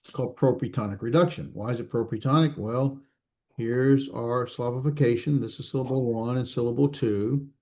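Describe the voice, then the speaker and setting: A man teaching a recorded class, explaining slowly with many fillers and restarts and checking in with his students. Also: medium pitch, a little mellow. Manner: checks in with students, self-correcting. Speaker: instructor.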